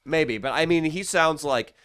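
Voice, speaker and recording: A man co-hosting a podcast in casual banter, quick and joking and laughing often. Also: on the high side, fairly bright tone, clean tone, dry recording, studio quality. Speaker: podcast co-host.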